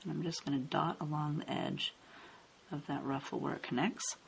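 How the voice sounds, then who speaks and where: A woman calmly narrating a step-by-step coloring tutorial, explaining each stroke as she works. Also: low voice, moderate pace, vocal fry. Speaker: card-making instructor. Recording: faint hiss in background.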